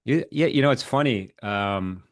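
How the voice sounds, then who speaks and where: A man with a Chicago accent hosting a trading show, chatting casually and stammering through quick reactions. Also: on the low side, dry recording. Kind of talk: casual market talk.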